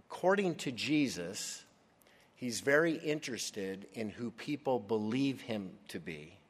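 A man's voice: mid-range voice, long reverb tail. A man preaching a Bible study sermon, leaning hard on key words for emphasis. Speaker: pastor.

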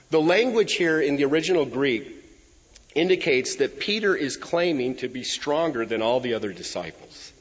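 Man, pastor, sermon, animated pitch, long reverb of a large hall. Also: moderate pace. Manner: expressive preaching with emphatic asides. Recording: reverberant hall, dull lo-fi sound.

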